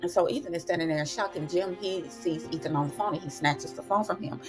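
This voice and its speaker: A woman's voice: fairly low pitch, quick pace, over music. A woman host casually recapping TV episodes, chatty and folksy, calling listeners "honey" and "child".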